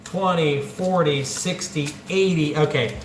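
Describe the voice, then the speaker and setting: At a measured pace and fairly high pitch, a man from central Ohio hosts a laid-back livestream, chatting and joking as he counts money out loud. Slight background noise mixes with the echoey room's faint ambience.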